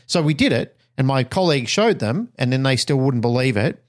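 A man, a dog trainer co-hosting a podcast, telling a story in blunt, animated talk and acting out what people said. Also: medium pitch, a little fast. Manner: animated storytelling, acts out quoted dialogue, blunt and swearing. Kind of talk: casual podcast chat.

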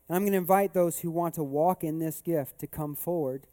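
A man's voice: fairly high pitch, brisk, dark tone. A male pastor preaching a sermon at a church service. He tells a story in a conversational way, then builds to emphatic rhetorical questions.

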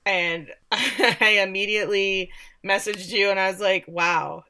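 A woman's voice: medium pitch, fairly even intonation, a little slow, pushed and bright, slight background noise. A woman co-hosting a casual podcast, chatting and joking about a TV episode and laughing often. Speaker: podcast co-host. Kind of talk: casual TV recap chat.

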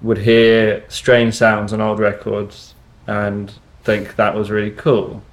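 A man talking in a casual interview, halting, with many restarts and fillers. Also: fairly low pitch, monotone. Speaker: guest musician.

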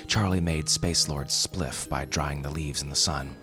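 A man calmly narrating a first-person story. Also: very deep voice, a little slow, music in the background.

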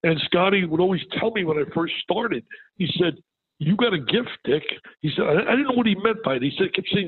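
A man's voice: high voice, fast. An older man, a guest in an interview, telling stories animatedly and acting out quoted dialogue. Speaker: guest, basketball broadcaster. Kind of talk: storytelling interview. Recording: tinny phone-like line.

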